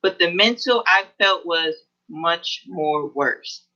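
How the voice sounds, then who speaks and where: A woman guest on an online interview, talking in an earnest, halting way about her experience. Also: on the low side, bright, forceful tone. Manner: earnest, halting with frequent pauses. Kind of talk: personal testimony in an online interview. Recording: dull lo-fi video call audio.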